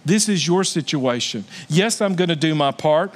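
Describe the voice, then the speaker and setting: A middle-aged man gives a sermon from the pulpit, his voice sitting a little higher than most men's. He is earnest throughout, slowing into soft, drawn-out stresses and then rising into loud, high exclamations. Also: expressive. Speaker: pastor.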